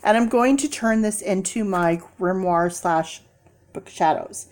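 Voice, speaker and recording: A woman vlogging in a casual, animated storytelling way, acting out people in quoted voices and laughing often. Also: mid-range voice, unhurried.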